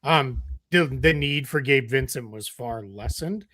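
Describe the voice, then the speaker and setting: Bright-voiced man in loose basketball chat. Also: mid-range voice, a little slow, no room sound, clean studio sound. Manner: loose, filler-heavy talk. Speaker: podcast co-host. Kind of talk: live basketball analysis chat.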